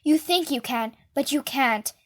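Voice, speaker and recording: A woman's voice: sits high, unhurried. A woman voicing a hulking, cold-blooded father in a storybook reading, speaking in an insistent, cold manner.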